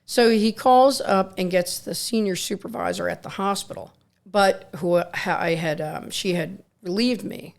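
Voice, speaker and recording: Middle-aged woman, nurse co-host, gravelly mid-pitched voice, rambling casual storyteller. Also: measured pace. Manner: rambling anecdotes with acted quotes.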